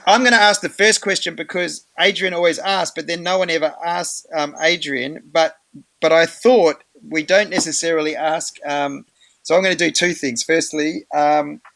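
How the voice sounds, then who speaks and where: A man's voice: a little high, creaky, no room sound. An Australian man hosting a casual meeting, telling stories with many fillers and acting out what others said. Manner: chatty, animated, many fillers, acts out quoted voices. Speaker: meeting host. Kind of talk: casual storytelling in an online meeting.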